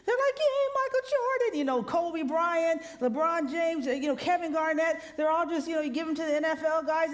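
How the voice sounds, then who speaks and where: A woman minister giving a lively, conversational sermon, often checking in with the congregation with a quick "right?". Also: high voice. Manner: animated, conversational preaching with rhetorical "right?" asides. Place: church sanctuary. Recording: long hall reverb.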